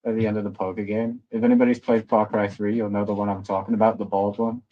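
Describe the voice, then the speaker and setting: Young lad chatting on a livestream, lower voice, rambles and takes the mickey out of himself. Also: male voice, flat delivery, fast talker, muffled recording. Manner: rambling, self-mocking banter. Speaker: livestream host. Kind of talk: casual chat.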